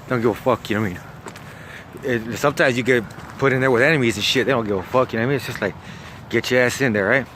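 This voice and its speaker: A man's voice: medium pitch, very fast, slight background noise. A young man, casually telling a wild story, slangy and profane. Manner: profane, slangy, lively, laughs at his own story.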